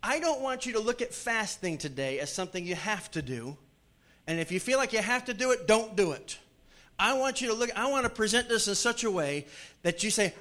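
A pastor preaches from the pulpit with a high, ringing voice. He jokes with his congregation one moment and drops to a near-hush the next, coaxing them along like a revival preacher. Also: a little fast. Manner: lively Southern preacher, jokes with the congregation, swings from loud to hushed. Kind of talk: sermon. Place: church sanctuary.

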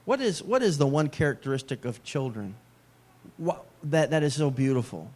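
Middle-aged male pastor, a touch higher pitched, chatty sermon delivery with playful asides. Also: expressive, moderate pace, darkish tone. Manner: conversational preaching with joking asides.

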